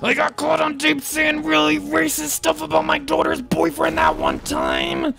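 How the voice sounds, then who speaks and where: A man putting on the voice of a loud, boastful male pro wrestler, shouting in a gravelly growl. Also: very high-pitched, very animated, unhurried, pitched above the performer's own voice, heavily acted. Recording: game music behind.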